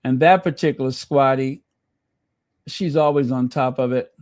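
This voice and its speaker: A man hosting a live stream, gushing excitedly to his viewers. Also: mid-range voice, normal speed, no echo, studio quality. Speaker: channel host.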